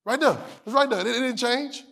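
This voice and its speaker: A male preacher with a high voice that rises and falls as he works the congregation. He repeats his lines for weight and asks if they are hearing him. He builds to loud peaks and then drops back down. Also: fairly quick, gravelly. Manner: call-and-response preaching, rising to shouts. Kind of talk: sermon.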